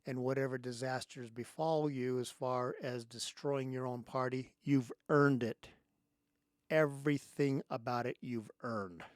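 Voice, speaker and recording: A man's voice: mid-range voice, fairly even intonation, measured pace, no echo. A man hosting his own show, giving an angry, sarcastic political monologue straight into a close microphone. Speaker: host.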